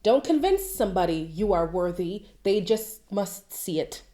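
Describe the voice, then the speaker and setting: A woman's voice: medium pitch, expressive, moderate pace, warm tone. A woman hosting a casual reality TV recap, chatty and sassy, talking straight at the people she reviews and ending her points with a pointed "okay?".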